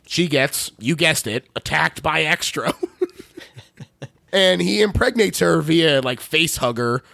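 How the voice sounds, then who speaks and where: Speaking in a creaky, pushed, bright mid-range voice, a man with a Philadelphia accent hosts a podcast about a horror movie. He laughs a lot and curses freely as he playfully goes over the plot in casual chat. There's no echo on the recording.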